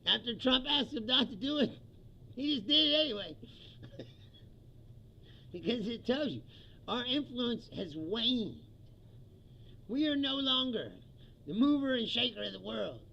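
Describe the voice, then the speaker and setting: A man's voice: extremely high pitch, lively intonation, measured pace, creaky, long pauses, pushed and bright, highs cut off. A man hosting a livestream, ranting about politics in a profane, mocking way, laughing often and mimicking quotes in a put-on voice. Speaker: livestream host.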